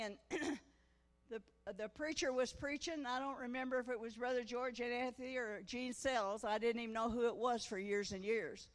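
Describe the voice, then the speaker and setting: A woman, preaching a testimony sermon at a women's conference, folksy storytelling that swells into fervent preaching. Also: high voice. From Missouri. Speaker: guest preacher. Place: church conference hall. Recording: echoey church hall.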